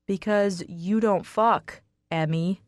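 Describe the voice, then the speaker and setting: Woman doing a cocky teen boy, crude and protective, slow drawl, dry close sound. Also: medium pitch, no echo, natural voice. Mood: blunt. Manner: curses bluntly, teasing. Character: blunt protective teenage boy, crude and teasing.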